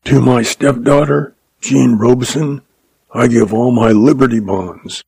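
Male reader as gravelly outlaw, hoarse croak, terse drawled orders, dark tone. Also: mid-range voice, steady tone, unhurried, no echo. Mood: menacing. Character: gruff Western outlaw man, threatening, sly.

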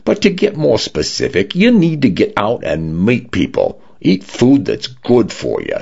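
A man's voice: lowish voice, wildly swooping pitch, measured pace, gravelly, slightly rough, highs cut off, pitched above the performer's own voice, heavily acted. A man voicing a bossy but friendly male smart-home condo with a British, slightly Cockney accent, in a radio story reading. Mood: lecturing. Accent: British, leaning Cockney. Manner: bright, friendly, patronizing.

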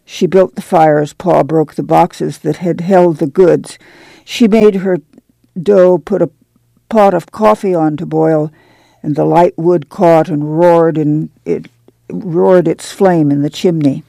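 Gravelly, mellow female narrator. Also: sits low, steady tone, slow, no room sound. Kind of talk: audiobook narration.

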